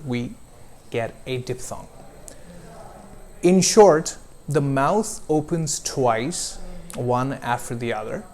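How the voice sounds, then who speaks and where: A man coaching pronunciation, modeling vowel sounds slowly and deliberately for a learner to repeat. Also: mid-range voice, a little mellow. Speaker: accent coach. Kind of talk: pronunciation lesson.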